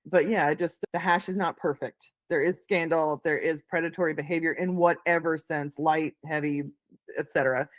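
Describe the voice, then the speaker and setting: A woman's voice: sits low, fairly even intonation, moderate pace, dry recording. A middle-aged woman guest telling a story in a casual interview, acting out the voices she quotes.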